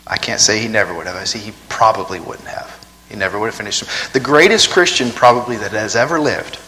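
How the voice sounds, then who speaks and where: Male preacher, conversational, rhetorical questions, forceful tone, long hall reverb. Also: on the low side, brisk. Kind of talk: sermon.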